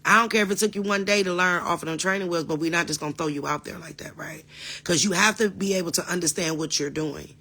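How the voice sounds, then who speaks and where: Middle-aged woman host for a live chat Q&A: emphatic, forceful, bright tone, calls the audience y'all. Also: low-pitched. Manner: animated and emphatic, addresses the viewers as y'all. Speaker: livestream host answering viewer questions. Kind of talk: casual live Q&A reading chat comments.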